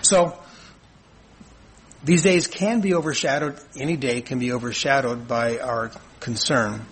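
A man preaching a sermon in an earnest, measured way, asking rhetorical questions and answering them. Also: mid-range voice, slightly rough, rough recording. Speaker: pastor.

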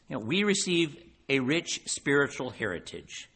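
A man preaching a sermon, posing rhetorical questions and slowing down to stress key words. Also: medium pitch, sing-song, a bit bright, breathy edge. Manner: rhetorical questions, slows down for emphasis.

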